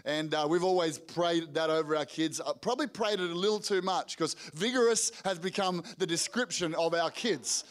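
A middle-aged pastor with a fairly high voice preaches before a congregation in a church hall. His sermon is built on lively family stories, told with energy, rapid restarts, and acted-out quotes.

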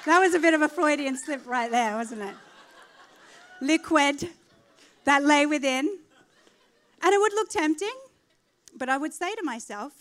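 High-voiced woman preaching a sermon. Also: normal speed, pauses often. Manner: animated, rising to loud emphatic declarations; laughs at her own slip of the tongue.

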